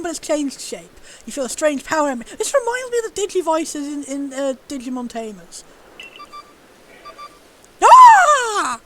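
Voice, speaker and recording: A woman streaming a game, gushing with excitement and commenting on everything she sees. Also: sits high, a little hiss or hum, low-quality recording. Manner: bubbly, gushing, easily excited. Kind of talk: live gameplay commentary.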